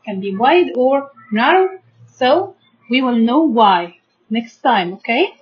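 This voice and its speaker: A woman's voice: on the high side, lively intonation, takes it slowly, breathy edge. A young Egyptian woman teaching primary science, patiently sounding out words syllable by syllable and checking in with her students. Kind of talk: slow classroom explanation to children. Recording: dull lo-fi sound.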